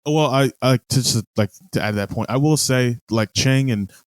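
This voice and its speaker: A man's voice: medium pitch, moderate pace, smooth, dry recording. A man co-hosting a podcast, adding points in a hesitant, filler-heavy casual way. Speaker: podcast co-host. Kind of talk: casual chat.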